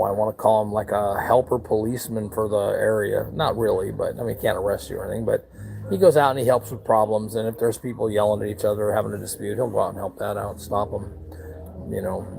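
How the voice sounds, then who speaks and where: A man's voice: fairly low pitch, gravelly, a little mellow, a little hiss or hum, low-quality recording. A man from the United States talking bluntly in a rambling, casual vlog on his back deck outdoors, with lots of fillers and restarts. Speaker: vlogger.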